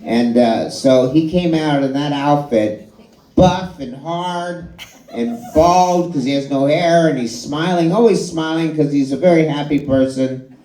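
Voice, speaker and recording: At a live comedy show in a bar and grill, a man with a slightly high voice and measured pace performs a stand-up set. He tells a story animatedly and swears freely while the loud crowd laughs along in the echoey room.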